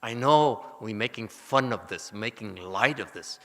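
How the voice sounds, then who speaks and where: A man teaching a Buddhist dharma lecture, animated and teasing, with many rhetorical questions to his listeners. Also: lowish voice, a little slow. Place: temple lecture hall. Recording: hall reverb.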